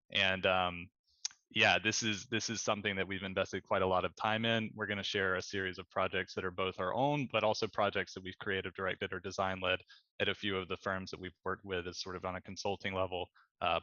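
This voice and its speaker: Deep-voiced guy in his 30s rambling fast on a video call, crisp dry sound but kinda muffled. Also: flat delivery, bright, forceful tone, no echo. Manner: fast, rambling, many fillers and restarts. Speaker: panel presenter, studio co-founder. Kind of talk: casual presentation over video chat.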